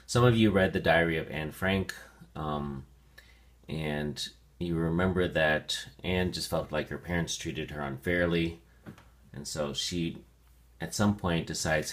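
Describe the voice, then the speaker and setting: A man with a very low voice teaches a word of the day. He sounds words out slowly and deliberately, filling pauses with frequent ums and okays. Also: a bit bright. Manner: slow, deliberate enunciation with fillers. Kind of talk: vocabulary lesson to students.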